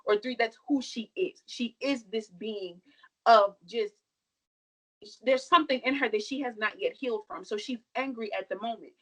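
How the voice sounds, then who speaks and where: A young woman speaking emphatically and forcefully as a podcast guest, building each point with passion and sass. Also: on the high side, normal speed, rough recording. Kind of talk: impassioned podcast discussion.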